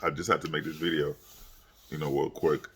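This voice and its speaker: Tired, rambling deep-voiced man. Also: little pitch movement, fairly quick, fairly bright tone, husky. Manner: rambling, many fillers and repeated words. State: tired, yawning late at night. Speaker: sports vlogger. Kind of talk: casual sports commentary vlog.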